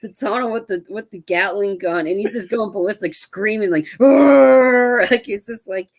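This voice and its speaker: A man co-hosting a podcast, excitedly recapping film scenes with lots of fillers and acted-out quotes. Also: sits high, brisk. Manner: animated retelling, acts out quotes, lots of fillers. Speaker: podcast co-host. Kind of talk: casual movie review chat.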